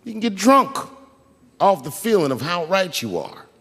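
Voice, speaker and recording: Middle-aged male comic, profane animated storyteller, lively pitch, live-venue reverb. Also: normal speed, heavy background noise. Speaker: stand-up comedian. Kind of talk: stand-up storytelling. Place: large venue on stage. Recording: live stage recording with long hall reverb.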